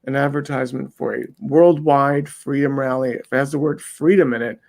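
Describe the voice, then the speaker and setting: A man's voice: mid-range voice, steady tone, brisk, creaky, a little mellow. A man talking casually as an interview guest, rambling with many restarts. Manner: rambling, many restarts, mimics people he describes. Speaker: interview guest, undercover video maker.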